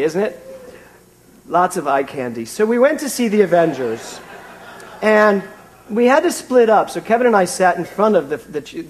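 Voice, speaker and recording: A British man in his fifties giving a conversational, self-mocking sermon from the pulpit. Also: sits high. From Britain. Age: 50s. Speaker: minister. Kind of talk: sermon with personal anecdote.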